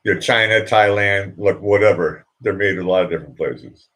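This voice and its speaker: A man's voice: sits low, moderate pace, fairly bright tone. A man hosting a casual livestream chat, rambling and joking and laughing often as he talks. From United States. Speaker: livestream host.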